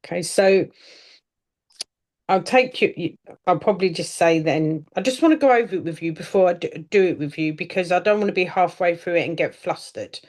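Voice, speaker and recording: A woman's voice: fairly low pitch, brisk, a little mellow. A woman, a trainee hypnotist asking her trainer questions, hesitant and restarting as she thinks aloud. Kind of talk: casual chat, asking questions.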